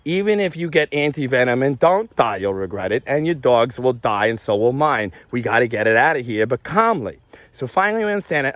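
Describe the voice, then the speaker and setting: A man with a voice on the high side talks at normal speed, with no room sound. Telling an upset personal story to camera, the vlogger gets animated, swears, and voices others' words.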